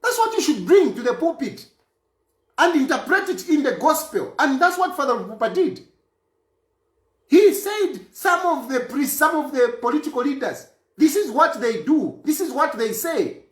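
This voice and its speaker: A man from Zambia speaks out in an emphatic political statement, hammering points home by repeating them. His pitch rises and falls in a lively way as he talks. The sound carries the echo of a roomy space. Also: moderate pace. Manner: emphatic, repeats phrases for force.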